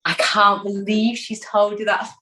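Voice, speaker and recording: A woman's voice: medium pitch, measured pace, rough recording. A woman, a guest in an interview, chatting casually and acting out quotes as she tells an anecdote. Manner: chatty, animated storyteller who acts out quotes. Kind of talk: casual chat.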